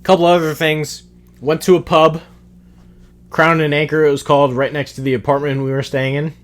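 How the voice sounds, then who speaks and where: A man's voice: on the high side, flat delivery, moderate pace. A man hosting a solo podcast, ranting bluntly and with profanity in an exasperated, offhand way. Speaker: podcast host.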